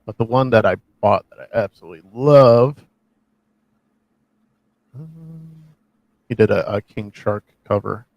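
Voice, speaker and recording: A man with a gravelly, creaky voice chats loosely on a live stream. He rambles and jokes at his own expense. The sound is dry and close. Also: lowish voice, measured pace, pauses often, dry recording, muffled recording. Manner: rambling, self-deprecating jokes. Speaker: co-host. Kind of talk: casual chat on a live stream.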